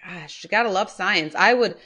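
A bubbly woman co-hosting a chatty podcast, laughing at her own slips. Her voice is bright and forward. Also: medium pitch, normal speed. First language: English. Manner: bubbly, laughs often, self-teasing. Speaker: podcast co-host. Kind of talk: casual chat.

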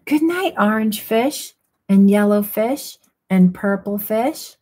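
A woman's voice: medium pitch, expressive, slow pace, dark tone, breathy edge. A woman voicing a sweet young sea otter pup in a bedtime storybook, calling out sing-song goodnights. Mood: eager.

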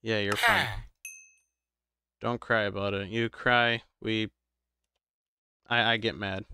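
A sleepy man chats with his live audience while he plays, drifting from thought to thought at an unhurried pace. His voice is bright and a little tense, and faint background noise sits under it. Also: lowish voice, steady tone. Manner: slow, drowsy, rambling chat with viewers. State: tired, medicated. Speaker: streamer. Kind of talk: casual gameplay live stream.

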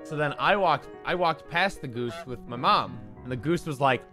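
A young man giving casual, profanity-laced commentary while playing a game, with lively stretches of storytelling. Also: a little high, normal speed, few pauses, soft background music. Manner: swearing, animated storytelling. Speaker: streamer.

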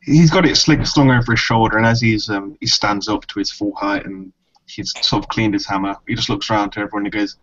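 Low-voiced man playing a tabletop game. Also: fairly even intonation, fast, fairly bright tone, dull audio. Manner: stammering, repeats words. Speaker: player.

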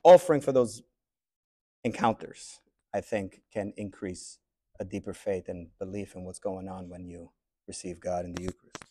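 A man teaching a class, thinking aloud in a reflective way with pauses. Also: low-pitched, animated, creaky, warm tone. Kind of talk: classroom discussion.

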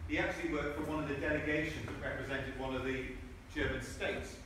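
Man at a rally, earnest and emphatic, slightly high voice, echoey hall mic from afar, noisy. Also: fairly even intonation, fairly quick, fairly bright tone, distant mic. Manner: earnest, emphatic, with asides to the crowd. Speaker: member of parliament giving a speech. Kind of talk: rally speech. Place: large echoing public hall.

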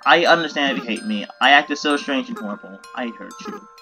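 A man's voice: animated, brisk, pushed and bright, soft background music. A man voicing a tearful, desperate young goat-boy monster, reading game dialogue aloud in a pleading, emotional way. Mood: remorseful. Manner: pleading, high-strung and emotional.

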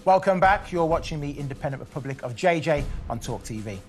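A man hosting a live TV talk show, reading links and introducing guests in a brisk, upbeat way. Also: a little high, animated, loud music behind the voice. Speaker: host.

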